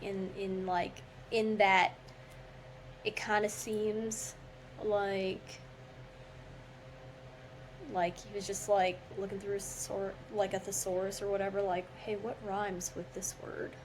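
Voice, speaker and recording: A woman's voice: medium pitch, little pitch movement, slow, pauses often, a little hiss or hum, low-quality recording. A woman podcast host reading a poem aloud with theatrical flair, tripping over words now and then, then chatting casually with lots of filler. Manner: theatrical recitation with stumbles, chatty filler-heavy talk after. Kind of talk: dramatic poetry reading then casual chat.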